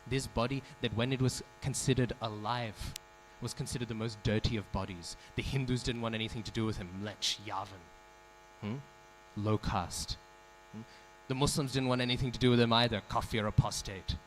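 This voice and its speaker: In a temple hall, a man gives a devotional scripture class, telling a story, acting out the quoted lines and putting questions to his listeners. His mid-range voice holds a steady tone at a moderate pace, and the rough recording carries a little hiss or hum.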